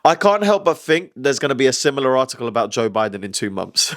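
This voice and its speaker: A man's voice: medium pitch, very animated, fast, hardly any pauses. A man hosting a comedic news roundup, chatty and wry, laughing at his own jokes.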